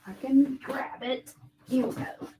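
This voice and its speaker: A woman teaching a live lettering lesson, talking gently to viewers as she draws and reads scripture. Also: sits high, flat delivery, slight background noise. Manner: slow, gentle, talks to viewers while drawing.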